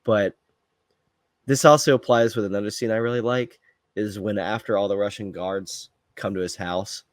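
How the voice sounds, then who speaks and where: A man with a lowish voice co-hosts a casual movie review chat. He speaks in a relaxed, measured way and pauses to think. The recording is dry and close. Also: dry recording. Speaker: podcast co-host.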